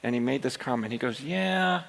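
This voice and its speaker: A man preaching a sermon, telling a story casually and then building up to loud, shouted exhortation. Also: medium pitch, moderate pace, creaky. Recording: long hall reverb.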